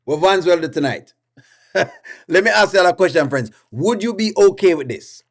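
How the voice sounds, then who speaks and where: A man's voice: sits high, lively intonation, normal speed. Jamaican man hosting a livestream. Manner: coaxing, repeats himself, addresses viewers as friends. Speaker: livestream host reading viewer comments. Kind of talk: casual reaction livestream.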